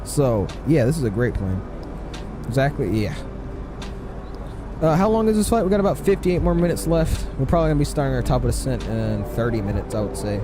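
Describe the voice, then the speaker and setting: A man's voice: mid-range voice, very animated, a little fast, music in the background. Chatty man streaming a flight sim. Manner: chatty, answers chat, many fillers. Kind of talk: casual live-stream chat.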